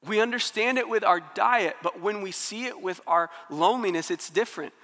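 A high, bright male voice preaching a sermon. He talks earnestly and conversationally and acts out the inner thoughts of his listeners. His voice rings with the long reverb of a hall. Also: a little fast.

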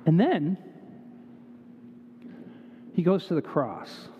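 A man's voice: a little high, very animated, drawn-out words, mellow, slight background noise. A man preaching a sermon, telling the story vividly and repeating words for emphasis. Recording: dull echoey hall recording.

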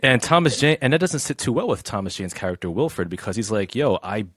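Halting man reviewing a film. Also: medium pitch, very animated, fairly bright tone, slightly rough, no echo, studio quality. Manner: halting, repeats words, laughs often. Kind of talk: casual chat.

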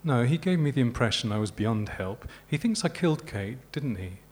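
A man reading the lines of a guarded, weary young woman suspect in a novel, cool and evasive, slightly higher than his own voice. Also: big pitch swings, normal speed, close to an everyday voice. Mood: teasing.

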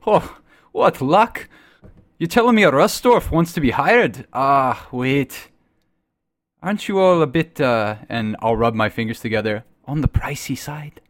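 A man voicing a loud, eager male druid adventurer raised in the forest, speaking up over a noisy tavern. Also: medium pitch, normal speed, few pauses, no echo, clean studio sound, close to an everyday voice. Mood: boisterous.

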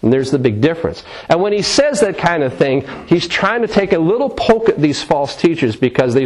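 A man's voice: on the high side, very animated, brisk, hardly any pauses. A man preaching a sermon with passion, acting out scripture in a dramatic, shifting tone.

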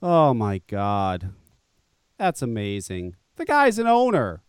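A man's voice: mid-range voice, huge pitch swings, slow, smooth, no room sound. A man hosting a live podcast, ranting angrily and swearing as he mocks the people he talks about. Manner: angry, mocking, swears, laughs at critics. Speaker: podcast host. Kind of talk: profane ranting live show.

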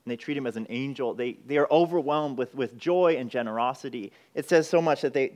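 A man's voice: mid-range voice, lively intonation, fairly quick, hardly any pauses, a little mellow. A man preaching a sermon in an earnest, conversational way, asking rhetorical questions and often restarting his phrases. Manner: frequent restarts and repeated words. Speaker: pastor.

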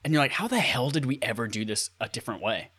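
A man co-hosting a comedy podcast, trading jokes and reading fake sponsor spots with plenty of silliness. His pitch swings widely, jumping from low mutters up to squeaky, laughing highs. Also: lively intonation, fast, pushed and bright, husky, no echo, clean studio sound. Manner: goofy, bursts into laughter and high squeals. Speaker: podcast co-host. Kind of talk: comedic podcast banter, mock ad reads.

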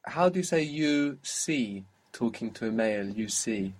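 A man's voice: mid-range voice, expressive, measured pace. Patient male Arabic teacher. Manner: patient, quizzing a student and modelling pronunciation. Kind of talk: spoken language lesson.

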